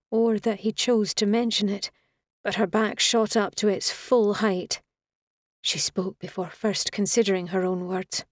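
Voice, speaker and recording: A woman narrating a romantic fantasy audiobook in a measured, expressive storytelling manner. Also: mid-range voice, dry recording, clean studio sound.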